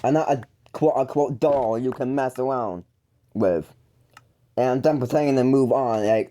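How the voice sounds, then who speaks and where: Mellow-voiced young man ranting, stumbling. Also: medium pitch, normal speed. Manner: rambling, with frequent stumbles and restarts; mocking, exasperated. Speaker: YouTuber calling out his older brother. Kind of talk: ranting call-out monologue.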